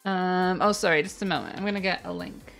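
A woman's voice: lowish voice, steady tone, brisk, gravelly, fairly bright tone, faint music behind. Chatty woman streaming a game. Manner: chatty, self-deprecating asides between read lines. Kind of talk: live game stream, reading dialogue aloud.

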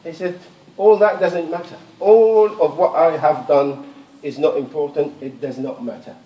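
A man with a slightly high, steady voice speaks at a moderate pace, delivering a Friday sermon as imam in a mosque prayer hall. He talks conversationally, repeats words, and recites scripture in Arabic. The lo-fi recording sounds echoey and distant, captured across the room.

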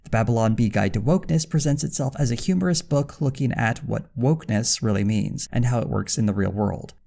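A man's voice: mid-range voice, brisk, gravelly, warm tone. A man narrating a scripted commentary video in a dry, critical manner. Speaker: video essayist.

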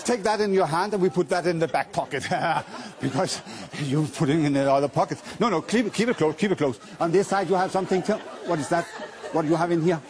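A man's voice: high-pitched, noisy background. Playful man doing a pickpocket stage act. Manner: playful, teasing, coaxing audience volunteers. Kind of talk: live stage patter with volunteers.

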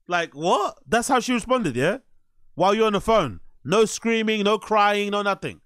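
A man reacts live to a clip, incredulous and animated, cursing freely. His voice sits a little high. The sound is dry and close, with no room around it. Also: moderate pace, no echo. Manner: incredulous, animated, swears often. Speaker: streamer reacting to a podcast clip.

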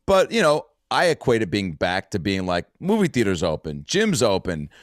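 A male comedian hosting a podcast, telling his stories in a lively voice that swings widely in pitch. He talks loosely and swears freely. The sound is dry and close to the mic. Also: moderate pace, no room sound. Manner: animated storyteller, swears freely. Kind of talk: casual podcast chat.

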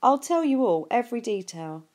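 Earnest ten-year-old boy, read by a woman in a warm, mellow voice, lightly raised and quick. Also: medium pitch, very animated.

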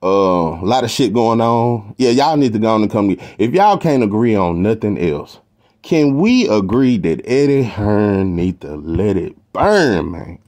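A man's voice: lowish voice, sing-song, measured pace, a little mellow. A man with a Texan accent hosting a boxing talk show, rambling and emphatic, with plenty of slang and profanity. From Texas. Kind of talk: casual opinionated boxing commentary.

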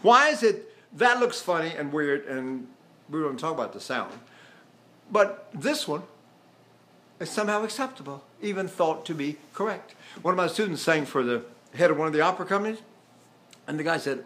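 A man's voice: a little high, animated, normal speed, pushed and bright. A man in his seventies teaching vocal technique, explaining through examples and questions. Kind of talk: vocal technique lesson with sung demonstrations.

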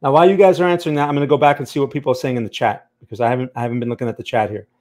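Rapid-fire and a little mellow, this male trading channel host speaks at medium pitch with fairly even intonation. He analyses charts on a live stream, answers chat conversationally, and keeps checking in with viewers through "okay?" and "right?"

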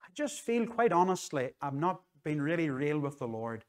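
A middle-aged man with a Northern Irish accent preaches in church, his voice sitting fairly high. He talks in an earnest, conversational way and repeats phrases for emphasis as the sermon moves toward an altar call. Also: sing-song, moderate pace.

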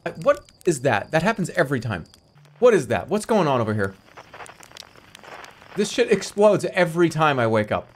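A man streaming a video game, giving excitable live commentary that jumps into yelps and rapid repeats. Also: fairly high pitch.

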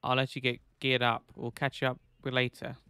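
A man's voice: mid-range voice, completely flat delivery, normal speed, sharp tone, clean tone, dry recording. A blunt police coworker ribs his returning colleague in a game, as a man plays him. His voice is clean and resonant, and his delivery is mocking and direct.

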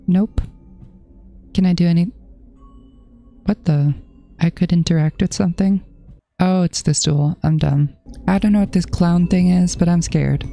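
Woman host for a horror game playthrough: mellow, unhurried, nervously mutters to herself. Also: fairly low pitch, gravelly. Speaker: gaming channel host.

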